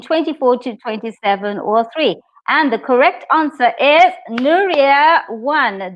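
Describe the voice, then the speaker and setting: A woman teaching a live online English exam lesson, upbeat and encouraging as she talks to her viewers. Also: fairly high pitch. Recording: dull lo-fi stream audio.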